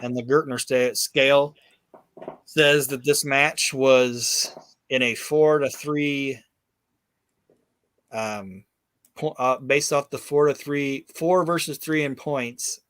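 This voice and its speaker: A man's voice: medium pitch, slow pace, pauses often, no echo. A man talking casually about a wrestling match he watched, rambling and swearing, with many fillers and restarts. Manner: rambling, profane, animated storytelling with many fillers. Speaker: podcast host recapping wrestling. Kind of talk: casual chat.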